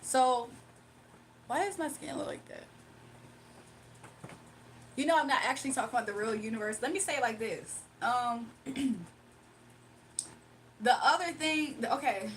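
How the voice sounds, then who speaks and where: A woman chatting casually with her viewers on a livestream, animated and laughing often. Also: a little high, measured pace, pauses often, a little hiss or hum.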